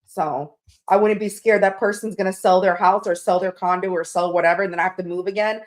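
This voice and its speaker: A woman rambles through a casual livestream chat, talking straight to her viewers. She is candid and loose, laughs easily and drops the odd curse word. Her voice sits at an ordinary middle pitch for a woman. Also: steady tone, brisk. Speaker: livestream tarot host.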